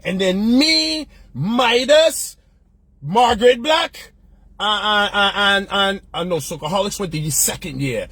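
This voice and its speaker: A man's voice: high voice, expressive, takes it slowly, sharp tone, no echo. A man hosting his own opinion show, telling stories in a loose, slangy, profane way. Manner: passionate, profane, heated. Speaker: podcast host. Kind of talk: ranting opinion monologue.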